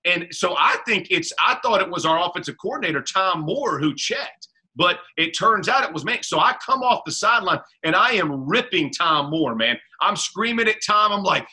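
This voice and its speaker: A man, a former pro football player, telling animated casual stories in an interview, with colloquial talk and repeated words. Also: high-pitched, normal speed, few pauses, slightly rough.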